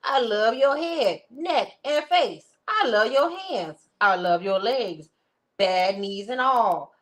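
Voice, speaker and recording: A woman voicing a lovesick woman gushing over her man, in an overdramatic, swooning, drawn-out way. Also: on the high side, expressive, voice pushed up.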